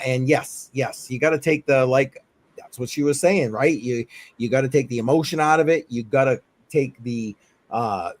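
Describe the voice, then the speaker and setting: New england dude hosting a stream, loose and rambly, lots of laughs, mid-pitched voice. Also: male voice, dry recording. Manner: loose, rambling, laughs a lot, repeats himself. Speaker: host. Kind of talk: casual livestream chat.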